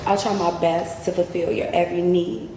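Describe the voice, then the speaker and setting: A woman's voice: on the low side, steady tone, normal speed, noisy background. A woman reading heartfelt wedding vows in an earnest, heartfelt manner. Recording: echoey hall with loud ambience.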